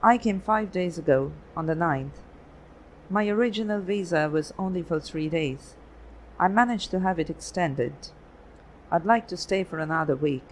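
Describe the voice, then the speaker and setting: An audiobook reader voicing a friendly, bearded foreign male photographer of about thirty, speaking in a polite, measured way. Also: medium pitch, slight background noise, close to an everyday voice, poor audio. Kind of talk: audiobook reading.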